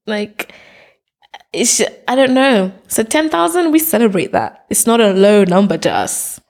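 A woman's voice: mid-range voice, a little slow. A woman, a guest in a casual interview, talking animatedly. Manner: animated, acts out quotes in lively voices. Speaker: podcast guest.

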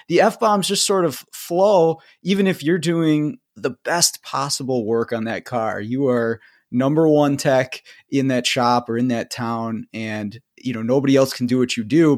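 A man's voice: medium pitch, measured pace. Man talking loosely about shop life. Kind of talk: casual podcast chat.

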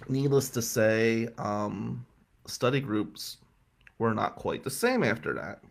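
A man telling a story on a radio talk show, animated and acting out the voices of the people he quotes. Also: mid-range voice, extremely slow, creaky. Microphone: studio microphone.

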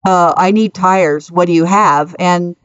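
A woman's voice: lowish voice, steady tone, measured pace, clean tone, no echo. A woman co-hosting a podcast, giving earnest advice in casual chat. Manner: earnest, advising, laughs easily. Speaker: podcast co-host. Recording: slightly muffled audio.

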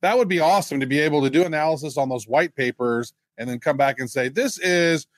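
A man co-hosting a podcast in casual chat, animated and joking, slipping into mock voices when quoting people. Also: mid-range voice, fast, dry recording. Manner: animated, joking, mimics others in quotes. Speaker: podcast co-host.

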